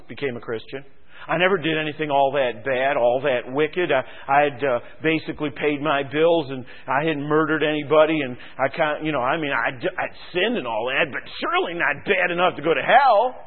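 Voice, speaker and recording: A man preaching a sermon, swinging from quiet musing to loud, fervent exhortation and firing rhetorical questions at the congregation. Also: a little high, brisk. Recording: tinny phone-like radio broadcast.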